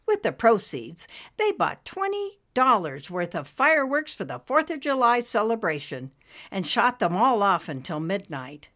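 A woman reading a story aloud as narrator, expressive and lively. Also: medium pitch, normal speed.

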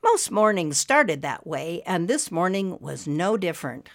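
A woman narrating an audiobook story in a steady, expressive storytelling manner. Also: on the low side, unhurried.

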